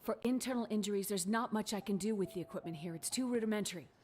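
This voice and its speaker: A woman playing a calm, clinical doctor. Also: mid-range voice, a little hiss or hum, close to an everyday voice. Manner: measured, clinical. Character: calm, clinical female doctor under pressure. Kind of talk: video game cutscene acting.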